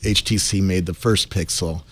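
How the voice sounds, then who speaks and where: A man's voice: deep voice, fairly even intonation, moderate pace, a bit bright. A man on a tech panel explaining things with lots of fillers, checking in with "right?". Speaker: panel guest.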